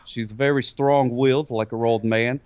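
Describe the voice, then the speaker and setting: A man voicing a sock puppet police officer, a folksy new dad who talks in a lively drawl. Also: a little slow, clear, resonant tone, no room sound, dull audio, close to an everyday voice. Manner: folksy drawl, does a squeaky baby voice for quotes. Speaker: guest. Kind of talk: comedic puppet character chat.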